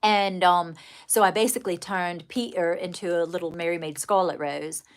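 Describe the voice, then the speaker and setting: A woman's voice: lowish voice, fairly even intonation, moderate pace. A woman with a light, adopted British RP accent hosting a casual livestream, gushing and affectionate, calling viewers darling and saying little often. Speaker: livestream host and children's book author.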